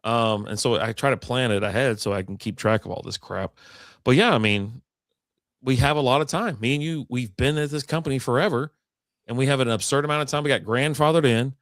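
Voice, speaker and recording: A man's voice: medium pitch, a little fast, dry recording, clean studio sound. A man co-hosting a casual live-stream show, rambling through stories and swearing freely. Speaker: podcast co-host.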